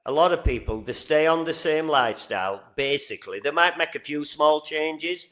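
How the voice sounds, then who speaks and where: An earnest man from England with a Northern English accent, chatting as a podcast guest. His voice sits a touch high, and he grows animated and restarts his sentences when he tells a story. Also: moderate pace. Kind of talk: casual interview chat.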